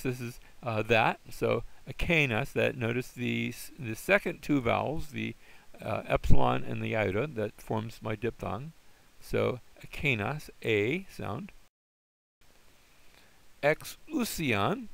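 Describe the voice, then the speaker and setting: Man, Greek teacher, heavy vocal fry, mid-pitched, relaxed classroom explanation, slow deliberate sounding-out. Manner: patient, thinking aloud, sounds words out slowly.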